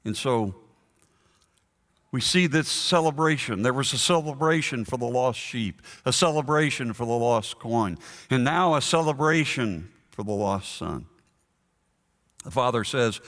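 A man preaching a sermon in a church, slow and earnest, stressing his points through repetition. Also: medium pitch, expressive, fairly bright tone, long reverb tail. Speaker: pastor.

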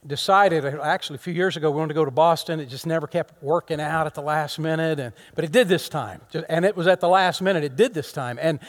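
A middle-aged man preaching a sermon to his congregation, swinging from loud, impassioned rises to soft, near-whispered asides. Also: fairly high pitch, fast, hardly any pauses. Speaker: pastor.

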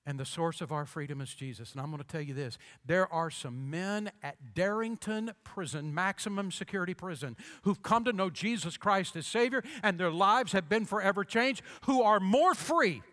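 A pastor preaching a sermon with a preacher's cadence, repeating lines and calling on the congregation to answer. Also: male voice, on the high side, a bit bright. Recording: long hall reverb.

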